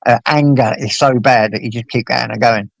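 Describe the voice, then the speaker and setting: A man hosting a casual chat, talking bluntly with plenty of swearing and lively storytelling. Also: mid-range voice, brisk, creaky, no echo, low-quality recording. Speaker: host.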